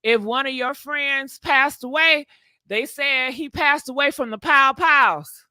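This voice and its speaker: Sassy high-voiced woman hosting gossip live. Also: takes it slowly, background noise. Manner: sassy, chatty, talks straight to viewers; laughs often. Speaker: gossip show host. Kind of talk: casual live-stream gossip chat.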